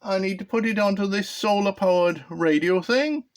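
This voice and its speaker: A man's voice: sits high, normal speed. A British man hosting his own hobby electronics video, giving a casual show-and-tell that rambles and hesitates with frequent ums and restarts.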